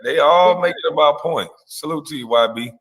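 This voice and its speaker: A man's voice: a little high, brisk, fairly bright tone. Tired man with a reverberant sound. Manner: laid-back, short agreeing remarks. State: tired, sleepy. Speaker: guest. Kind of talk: casual live stream chat.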